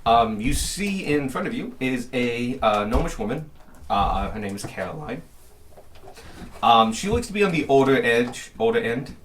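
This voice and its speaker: A man's voice: medium pitch, very animated, normal speed, fairly bright tone, slight background noise. A man narrating a tabletop game as game master, rambling with lots of fillers.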